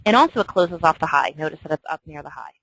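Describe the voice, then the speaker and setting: A woman's voice: low-pitched, animated, quick pace, fairly bright tone, no echo, poor audio. A woman teaching stock chart reading in a chatty, emphatic way, often checking in with "okay?". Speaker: trading instructor. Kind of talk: screen-share trading tutorial.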